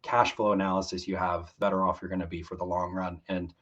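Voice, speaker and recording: A man's voice: deep voice, little pitch movement, quick pace, a bit bright, muffled recording. A man, a financial planner, explaining things steadily as a podcast guest. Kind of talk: podcast interview.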